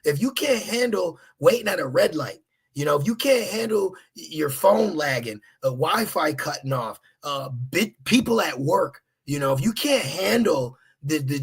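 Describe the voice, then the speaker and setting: Gravelly high-voiced man preaching streetwise. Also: big pitch swings, normal speed. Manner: casual, profane, emphatic with repeated "okay?"; acts out voices in high pitched asides. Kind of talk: streetwise sermon.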